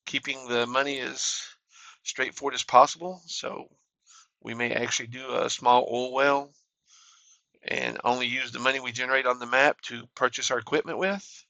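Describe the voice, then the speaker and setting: Male game-channel host, gravelly and bright, easygoing commentary, dry close sound. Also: medium pitch, no room sound. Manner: relaxed, plain-spoken walkthrough talk.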